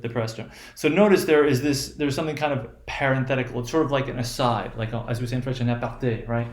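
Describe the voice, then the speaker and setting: A man teaching a lesson, halting and full of fillers, often checking with "right?". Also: mid-range voice, reverberant. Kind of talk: lecture.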